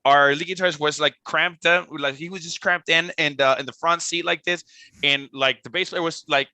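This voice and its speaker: A young man from Costa Rica, a band member telling a tour story in a casual, animated way, full of "like" and restarts. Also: a little high, moderate pace, dry recording. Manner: animated, swearing, lots of "like" and restarts. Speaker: band member, podcast guest.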